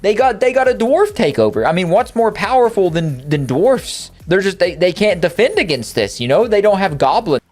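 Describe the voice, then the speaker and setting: A man with a lively, animated voice jokes his way through commentary on a video clip. His voice is slightly high, and faint music plays behind him. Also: normal speed, hardly any pauses. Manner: animated and jokey. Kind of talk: excited joking commentary.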